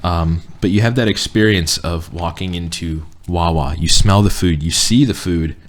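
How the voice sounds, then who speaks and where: Low-voiced philly guy hosting a podcast, jokey rambling stories. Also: normal speed. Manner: joking, storytelling, rambling. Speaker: podcast host. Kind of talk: casual chat.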